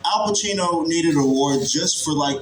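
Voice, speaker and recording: A man from Virginia works a comedy stage in a loose, profane style, breaking into chuckles at his own punchlines. His voice sits a little high, is caught from a distance, and rings around an echoey club over steady crowd noise. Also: normal speed. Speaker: stand-up comedian. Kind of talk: stand-up comedy set.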